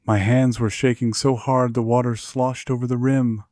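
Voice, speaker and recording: A man narrating a scripted horror story in measured, steady storytelling. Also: mid-range voice, no echo, clean studio sound.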